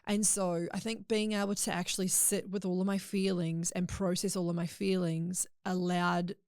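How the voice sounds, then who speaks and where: A woman's voice: lowish voice, flat delivery, normal speed, a little mellow, clean tone, dry recording, clean studio sound. A woman guest on a podcast, telling a personal story in a candid, emotional way in casual chat.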